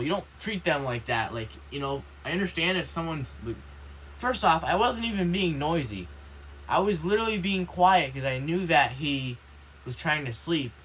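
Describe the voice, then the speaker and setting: A man's voice: fairly high pitch, animated, moderate pace, fairly bright tone, a little hiss or hum. Rambling indignant man venting. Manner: rambling, heavy use of "you know", repeats himself; indignant, swears when upset. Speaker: vlogger. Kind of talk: casual ranting vlog.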